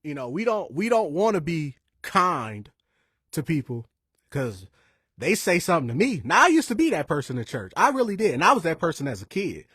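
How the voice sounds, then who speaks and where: A young man talks in a loose preaching style and acts out quoted voices. His voice is slightly husky and fairly high, with a lively rise and fall. The sound is dry and close. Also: moderate pace, no echo. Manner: lively, animated storytelling with quoted voices and restarts. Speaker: speaker sharing church stories. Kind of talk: informal preaching-style talk.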